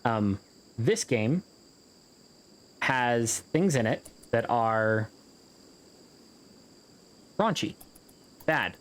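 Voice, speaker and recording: A man's voice: mid-range voice, animated, extremely slow, long pauses. A man giving casual, rambling gameplay commentary, joking around and swearing freely as he plays. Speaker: gameplay video host.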